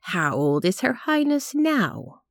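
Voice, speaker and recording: A woman playing a prim, sharp-tongued old lady. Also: a little high, very animated, slow pace, dry recording, voice pushed up, exaggerated voice. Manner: genteel, precise, quietly disapproving. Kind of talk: audiobook character reading.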